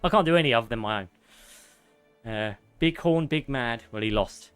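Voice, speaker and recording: Man, British accent, game streamer, casual live commentary, swears a lot, mid-pitched voice. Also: lively intonation, normal speed, a bit bright, clear, resonant tone, no room sound, faint music behind. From United Kingdom. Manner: casual, chatty, swears freely. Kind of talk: live gameplay commentary, chatting with viewers.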